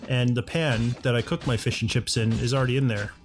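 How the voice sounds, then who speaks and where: Man, let's play commentator, mid-pitched, chatty and self-talking, faint music underneath. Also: fairly even intonation, a little fast. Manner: chatty, talks to himself and his game characters. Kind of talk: casual gameplay commentary. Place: home condo.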